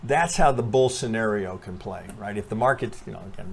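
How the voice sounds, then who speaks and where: A man's voice: fairly low pitch, fairly quick, gravelly, hardly any pauses, slightly rough. A man hosting his own trading channel, walking viewers through charts in a rambling, casual monologue full of curses, restarts and "right?", now and then coughing from allergies. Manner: rambling, profane, self-correcting, talks to viewers with frequent "right?".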